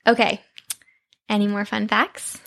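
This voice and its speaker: A woman's voice: mid-range voice, little pitch movement, a little slow, vocal fry, a bit bright. Woman cohost, short reactions and laughs, casual podcast chat. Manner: brief reactive interjections, laughing. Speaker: podcast co-host.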